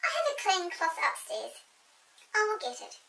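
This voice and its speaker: Older woman as a bossy duck-headed creature, quacking, high, loud, storybook reading. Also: huge pitch swings, moderate pace, far from the mic, full character voice. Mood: pleased. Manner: quacking, fussy and demanding.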